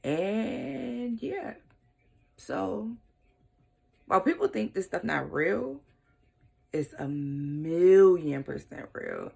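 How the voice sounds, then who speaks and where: A young woman vlogger telling a personal story in a candid, casual way, brushing details aside with quick throwaway remarks. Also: low-pitched, wildly swooping pitch, creaky, dark tone, breathy edge. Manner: casual, shrugging asides like "blah, blah" and "whatever".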